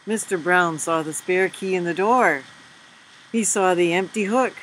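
A woman's voice: on the low side, measured pace, slight background noise, poor audio. A woman reading a children's chapter book aloud, adding chatty, playful asides and questions to young listeners. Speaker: storybook reader.

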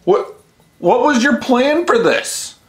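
Guy w a high jumpy voice, startled and stammering, phone video at home. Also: animated, slow. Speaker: vlogger. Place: house.

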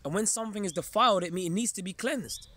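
A man preaching an informal sermon in an emphatic, conversational way, often pausing to check in with his listeners. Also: sits high, bright, forceful tone, a little hiss or hum. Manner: emphatic, keeps checking in with listeners, chuckles darkly.

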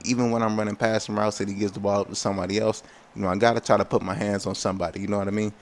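A man's voice: fairly low pitch, flat delivery, very fast. A man giving casual let's-play commentary, narrating his football video game play by play with exasperated outbursts and slang. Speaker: gameplay commentator.

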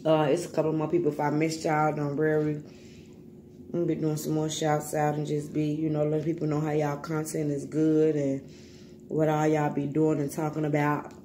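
Laid-back slangy vlogger giving shout-outs. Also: mid-range voice, monotone, moderate pace, slight background noise. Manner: loose, slangy, repeats words. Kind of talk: casual shout-outs while eating.

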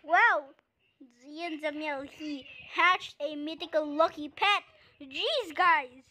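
A young woman chatting to viewers while playing a pet-collecting game, breaking into excited yells. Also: high voice, slow. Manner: chatty, bursts into excited screaming; addresses viewers as guys. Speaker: gaming video creator. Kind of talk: casual gameplay commentary.

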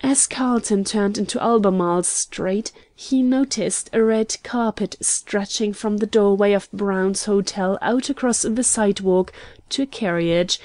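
A woman narrating a classic novel in an audiobook, with measured, even storytelling. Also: mid-range voice, dry recording. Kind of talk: scripted narration.

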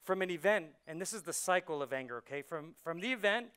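A man preaching a conversational sermon as pastor, swinging from soft asides to loud punchlines. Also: fairly high pitch, expressive, fast talker, smooth. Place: church sanctuary.

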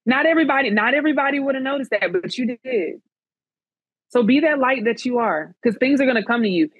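A woman journalist appearing as a guest in a casual interview chat, speaking in an animated, encouraging, almost preacher-like way. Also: high-pitched, fast, husky, no room sound, narrow, tinny audio.

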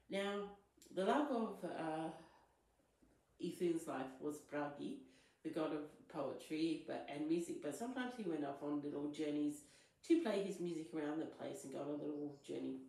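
A woman's voice: low voice, animated, moderate pace, gravelly, warm tone. A woman retelling a myth in a casual, chatty way, as a storyteller. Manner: chatty, loose, with fillers. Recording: very echoey room.

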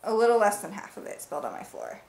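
A young woman on her vlog, casual and gushing, gasping with excitement as she unboxes. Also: mid-range voice, quick pace, vocal fry. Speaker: book vlogger. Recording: echoey room with faint hiss.

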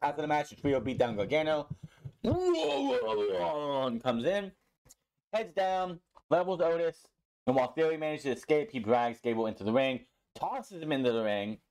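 A man's voice: fairly high pitch, sing-song, normal speed, vocal fry, darkish tone. A young man casually recapping and reviewing a wrestling show, chatty and opinionated.

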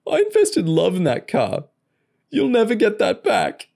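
A man voicing a bitter, fat, bearded male car thief who sobs and whines in shrill outbursts. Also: very animated, measured pace, vocal fry, breathy edge, heavily acted. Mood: sobbing.

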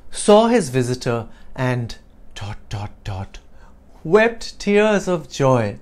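A man teaching an English lesson, explaining clearly and deliberately with wry asides. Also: fairly high pitch, a little mellow.

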